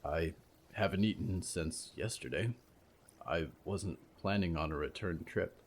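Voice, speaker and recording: A man voicing a lonely, unseen young man who talks softly, almost in a whisper. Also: low voice, measured pace, breathy edge, exaggerated voice. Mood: hushed. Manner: soft, hushed, near whisper. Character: lonely, invisible young man, timid and quiet.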